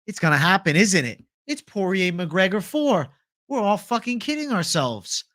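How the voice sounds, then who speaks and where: A man's voice: sits high, very animated, a little slow, fairly bright tone, no room sound, studio quality. Profane, chatty man reading live comments. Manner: casual, profane, reads viewer comments aloud. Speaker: livestream host. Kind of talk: casual livestream chat.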